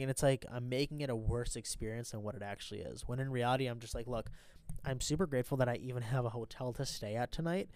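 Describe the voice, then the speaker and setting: A man's voice: medium pitch, fast talker, darkish tone, clean tone, dry recording. A man talking through a motivational monologue in a casual vlog, earnest and rambling, often tagging his points with a question. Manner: earnest, rambling, keeps asking "right?". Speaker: vlogger sharing a mindset talk. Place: stranded at an airport after a cancelled flight.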